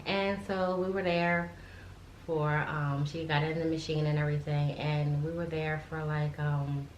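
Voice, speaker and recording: A woman, a mother telling the story of her young daughter's diagnosis in a halting, filler-heavy way, getting emotional. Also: low-pitched, level tone, dull audio. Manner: tells the story with many fillers and restarts, becoming tearful and emotional. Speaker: guest mother. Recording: echoey room with faint ambient noise.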